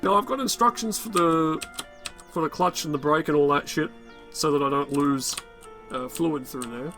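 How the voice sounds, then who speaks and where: A man with a raspy, tired-sounding voice talks his way through a game in loose, rambling commentary, swearing and mumbling to himself as he goes. His voice sits a little high for a man, with faint music playing underneath. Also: normal speed, a bit bright. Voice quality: raspy, worn-out voice. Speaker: gaming channel host. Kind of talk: casual gameplay commentary.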